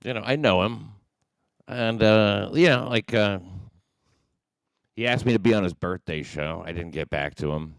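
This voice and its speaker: A man's voice: lowish voice, normal speed, long pauses, smooth, no echo, clean studio sound. Profane, combative man ranting on stream. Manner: profane, combative, many fillers and restarts. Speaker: livestream host. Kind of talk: ranting monologue.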